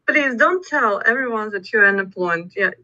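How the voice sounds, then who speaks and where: A woman chatting in English in a speaking club, halting, with many fillers. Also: medium pitch, lively intonation, sharp tone, highs cut off. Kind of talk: casual group chat in English.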